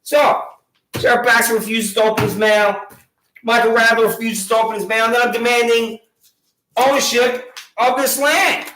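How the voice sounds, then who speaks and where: Combative male ranter, high-pitched and bright, sarcastic accusatory tone, roomy echo. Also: flat delivery, a little fast, a little hiss or hum. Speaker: video channel host. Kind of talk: angry monologue to camera.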